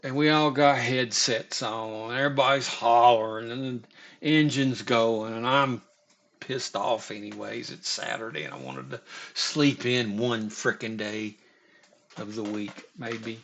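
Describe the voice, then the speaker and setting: A man's voice: medium pitch, steady tone, a little slow, fairly bright tone. A man casually telling a story, rambling and profane, often stopping to restart his sentences. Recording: dull lo-fi recording.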